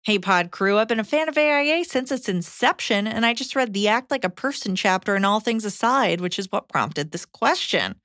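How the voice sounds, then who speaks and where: A woman co-hosting a podcast, reading listener letters aloud in a brisk, blunt way. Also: medium pitch, animated, a bit bright, no room sound, clean studio sound.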